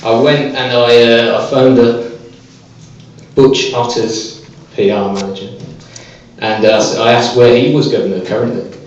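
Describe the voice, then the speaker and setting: A man performing a stand-up comedy set on a small club stage, delivering deadpan one-liners with hesitant fillers. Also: medium pitch, measured pace, a little hiss or hum. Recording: echoey, distant, dull live club recording.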